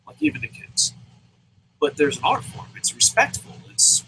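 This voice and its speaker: A man tears into wrestling in a loose, profane rant, slipping into mocking impressions as he goes. His voice is very bright and sits a bit high. A faint noise runs under the recording. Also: sing-song, normal speed, rough recording. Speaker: wrestling show reviewer. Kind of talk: casual opinionated rant.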